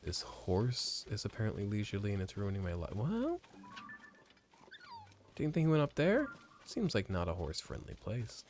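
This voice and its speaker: A man's voice: fairly low pitch, big pitch swings, moderate pace, pauses often, faint music behind. A man giving casual gameplay commentary at a home desk mic, rambling and profane, mocking himself and jumping between mutters and exclamations. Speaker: let's play streamer.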